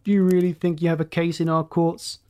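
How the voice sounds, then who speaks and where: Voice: mid-range voice, level tone, fairly quick, a little mellow, close to an everyday voice. A narrator voicing a smug male space pirate leader, mocking and courteous, in an audiobook reading.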